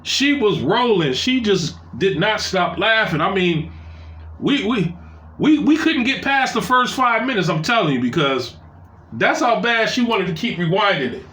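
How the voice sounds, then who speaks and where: Guy telling a dirty story time, bright voice, echoey room. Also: very animated, unhurried. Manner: loose, crude storytelling with shifting pitch.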